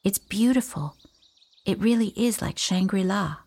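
A woman's voice: medium pitch, animated, unhurried, pitched above the performer's own voice. A woman voicing an eager, easily delighted young girl. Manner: bright, eager.

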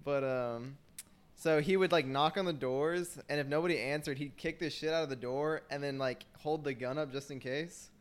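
Young man, casual storyteller, smooth clear voice, loose filler-heavy delivery. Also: a little high, moderate pace. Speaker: storyteller in group chat. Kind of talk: casual chat.

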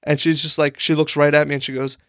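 A man's voice: on the high side, flat delivery, fast, a bit bright, no room sound, studio quality. A young man telling a long, rambling comic story on a podcast, full of "like" and acted-out quotes. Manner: rambling, lots of "like", acts out quoted people. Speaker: podcast co-host. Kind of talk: casual comedic storytelling.

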